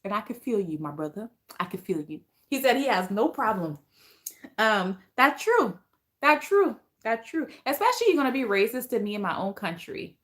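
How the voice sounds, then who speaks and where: A woman's voice: a little high, sing-song, normal speed, fairly bright tone. A woman with a Liberian accent chatting casually on a livestream, reading viewer comments aloud and responding to them. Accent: Liberian English.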